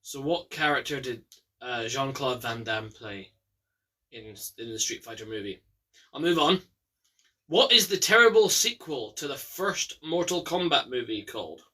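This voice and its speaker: A young Scottish man hosting a casual bad-movie quiz, chatty, with quick asides and some swearing. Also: medium pitch, big pitch swings, pushed and bright, far from the mic. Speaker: quiz host.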